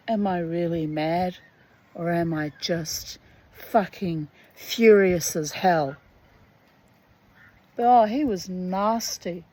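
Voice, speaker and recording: Slow, mellow-voiced outspoken woman. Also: fairly low pitch, poor audio. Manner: blunt, swearing, indignant asides. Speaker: reader and storyteller. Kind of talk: rambling personal monologue.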